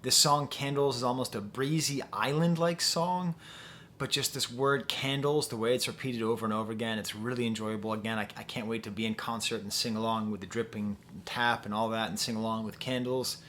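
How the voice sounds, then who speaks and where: Guy doing a casual record review at home, lots of uh and um, mid pitch, talks right to the camera. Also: steady tone, a little fast, fairly bright tone, a little hiss or hum. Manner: chatty, thinking aloud with fillers and restarts. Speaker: music reviewer.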